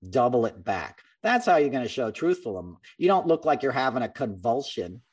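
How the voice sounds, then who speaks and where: A blunt man hosts a casual political podcast, telling stories with energy and a mid-range voice. He jumps into quick impressions of the people he describes. His voice sits a little back from the microphone. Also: medium pitch, breathy edge, recorded from a distance. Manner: blunt, animated, mimics people he talks about. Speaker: podcast host. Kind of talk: casual political chat and storytelling.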